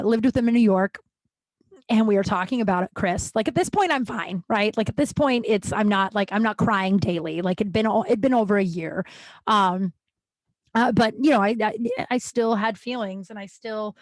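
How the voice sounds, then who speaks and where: A woman's voice: medium pitch, moderate pace, dry recording. A woman hosting her own podcast, telling a personal story in a chatty, casual way, peppered with "like", and acting out what people said. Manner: chatty, heavy use of "like", acts out quoted voices. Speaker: podcast host.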